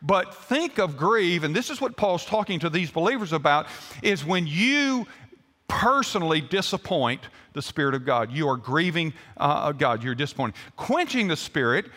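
Male pastor, animated storyteller, bright and forceful tone, echoing through a big sanctuary. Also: on the high side, moderate pace. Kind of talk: sermon.

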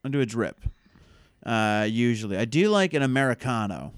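A man's voice: mid-range voice, animated, normal speed, smooth, no echo. A man hosting a casual remote podcast, chatting and joking in a playful, rambling way. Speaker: podcast host. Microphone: headphones and remote call mic.

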